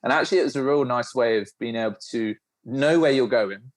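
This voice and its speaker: A man talking as a guest on a podcast, telling his stories in an animated, informal way. His voice sits at an ordinary middle pitch. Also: a little fast. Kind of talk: storytelling in a podcast interview.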